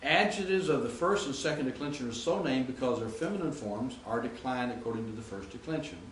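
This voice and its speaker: A man's voice: medium pitch, lively intonation, brisk, reverberant, a little hiss or hum, rough recording. A man teaching Greek grammar in a classroom lecture, explaining and reciting word forms.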